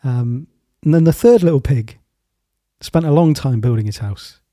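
A man telling a children's story in a relaxed, rambling way, as a talk host. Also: medium pitch, moderate pace, dry recording, studio quality. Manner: relaxed, rambling with fillers and restarts.

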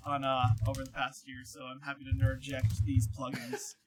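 A man chatting casually as a guest on a podcast, animated and playful. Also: extremely high pitch, normal speed, creaky, very noisy. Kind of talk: casual chat.

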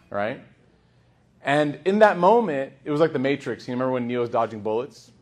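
A man's voice: mid-range voice, a little fast. A man giving a humorous storytelling sermon as a religious teacher, acting out the people in his story. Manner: animated, humorous, acts out quoted voices.

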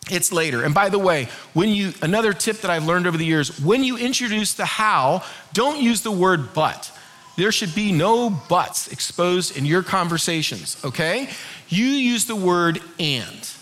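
A middle-aged male pastor preaches with a high, bright voice. He keeps it conversational and lively, pulling the congregation into call-and-response. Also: moderate pace. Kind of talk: sermon.

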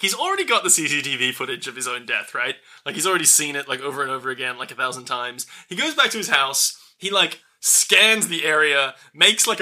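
A man's voice: fairly high pitch, pushed and bright. A man co-hosting a podcast, casually recapping a movie in a rambling, profane way. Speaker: podcast co-host.

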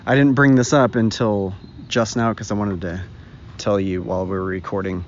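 A man's voice: fairly low pitch, steady tone, normal speed. A man co-hosting a podcast, chatting casually and rambling outdoors in a park. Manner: rambling, laughs often. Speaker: podcast co-host. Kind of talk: casual chat. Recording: dull lo-fi recording, faint noise.

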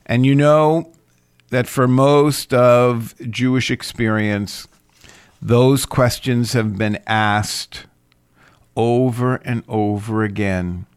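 A man giving a reflective lecture on scripture, speaking in a deliberate, questioning way. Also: medium pitch, fairly even intonation, clean tone, dry recording, clean studio sound.

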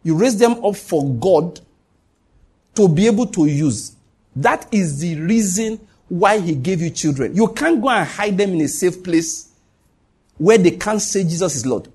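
Husky, high-voiced preacher. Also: male voice, lively intonation, unhurried, a little mellow. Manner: emphatic, repeats points, swings pitch up and down. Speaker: pastor. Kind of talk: sermon.

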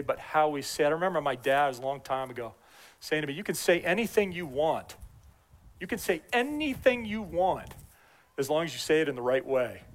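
A middle-aged pastor preaching a sermon in a conversational way, repeating his key phrases and adding personal asides. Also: on the high side.

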